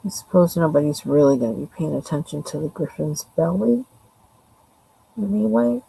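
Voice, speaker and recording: A woman streaming live, talking quietly to herself in casual chat as she colors a drawing. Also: deep voice, normal speed, vocal fry, husky, low-quality recording. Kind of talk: casual self-talk while coloring.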